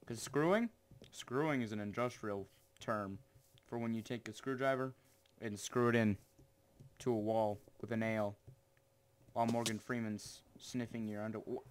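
A man's voice: medium pitch, moderate pace, a little hiss or hum. Rambling teenage boy gaming commentary. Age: teens. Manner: rambling, jokey, sudden excited yelps. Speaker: gaming channel host. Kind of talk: gameplay commentary.

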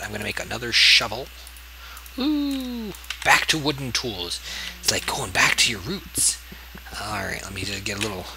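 Vocal fry colors this fairly low-pitched man's voice, set against a noisy background. He hosts a casual gaming video, muttering rambling self-talk and crying out when enemies strike.

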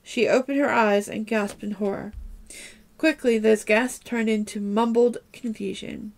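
A woman's voice: on the high side, fairly even intonation, unhurried, gravelly. A woman reading a mystery novel aloud, in a plain way with occasional slips and restarts. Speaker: storyteller reading a book aloud.

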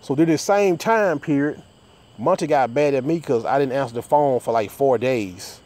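A man's voice: medium pitch, normal speed, dark tone. A man ranting casually to his viewers, profane and rambling, often stammering and restarting his sentences. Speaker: vlogger.

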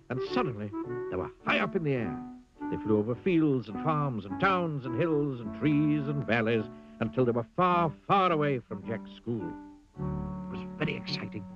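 A man reading a children's story aloud in an expressive, playful storytelling manner. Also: medium pitch, moderate pace, lo-fi sound, over music. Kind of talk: storybook narration.

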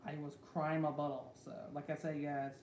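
A man's voice: on the high side, level tone, normal speed, darkish tone. Young male vlogger, meandering delivery full of repeated fillers, recorded in a roomy echoey space. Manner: rambling, repeats "so" and "guys" constantly. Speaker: channel host. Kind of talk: rambling casual vlog. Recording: echoey room with faint background hum.

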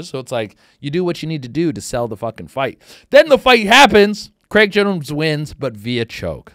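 Animated comedian hosting his podcast. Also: on the high side, dry recording, clean studio sound. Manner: animated, swearing, excitable riffing. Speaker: podcast host. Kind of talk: casual comedic monologue.

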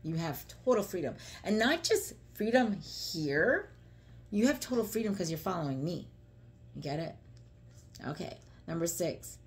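A woman's voice: lowish voice, lively intonation, unhurried. A woman giving a casual, earnest devotional talk, chatty and full of fillers and rhetorical questions. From United States. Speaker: faith vlogger.

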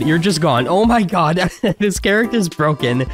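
An excitable young man with a slightly high voice, talking through a game in loose, casual commentary. He trash-talks opponents in quick bursts, and faint music plays under him. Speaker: gaming YouTuber.

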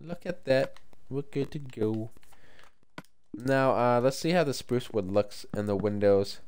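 Tired guy streaming a game, smooth clear voice, just rambling to chat about what he's doing. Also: medium pitch, a little slow, darkish tone. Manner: rambling, chatty, talks to viewers. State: tired, yawning. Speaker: livestreamer. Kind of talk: casual gameplay commentary.

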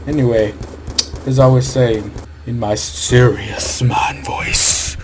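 Guy doing silly gameplay commentary, laid back pace but yelps and whoops a lot, loud typing clicks in the background. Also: mid-range voice, slow. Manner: goofy, excitable, bursts of whooping and yelling. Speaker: gamer making commentary videos. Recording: keyboard clicks and typing noise.

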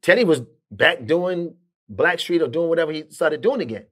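A man's voice: on the high side, moderate pace, breathy edge. A middle-aged man telling a story in an interview, acting out the voices of the people he quotes. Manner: animated, acts out quoted dialogue.

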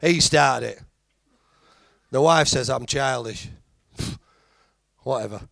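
A man's voice: medium pitch, slow pace, vocal fry, fairly bright tone. A middle-aged man with a Yorkshire accent doing a chatty, self-deprecating stand-up routine and teasing the crowd. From Halifax, England. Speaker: stand-up comedian.

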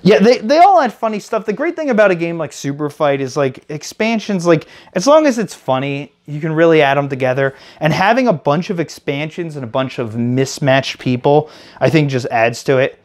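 Animated man reading out game cards. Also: fairly high pitch. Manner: excited, reads card text aloud with quick reactions. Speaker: host reviewing a card game. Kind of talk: casual chat.

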